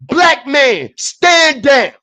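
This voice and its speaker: A man with a very high-pitched voice delivers a profane, confrontational rant to his stream audience. He speaks slowly and deliberately, hammering each point home and repeating it, dropping to low muttering and then rising to shouts. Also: sing-song. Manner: repetitive, emphatic, often repeats phrases. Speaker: streamer commentator. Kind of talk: heated profane commentary.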